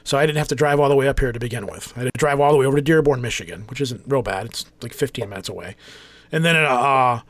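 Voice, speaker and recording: Fast-talking man in his forties, dry sound. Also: mid-range voice, no room sound. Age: 40s. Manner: rapid, rambling storyteller who acts out dialogue. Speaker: podcast host. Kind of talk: casual chat, storytelling.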